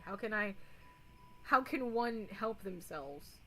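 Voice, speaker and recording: A woman streamer chatting casually on a livestream, rambling and animated, swearing and giggling now and then. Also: mid-range voice, slow pace, soft background music, low-quality recording.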